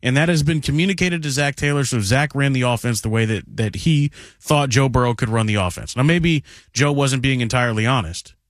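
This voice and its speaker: A man co-hosting sports talk radio, laying out his case in a measured, analytical way and citing statistics. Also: medium pitch, dry recording, clean studio sound. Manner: measured, analytical, cites stats.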